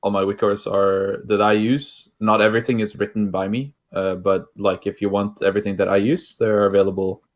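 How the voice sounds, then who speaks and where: A man guesting on a gaming chat, explaining game tips in a relaxed way with frequent hesitations. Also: on the low side, fairly quick, hardly any pauses. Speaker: guest player. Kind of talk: casual chat.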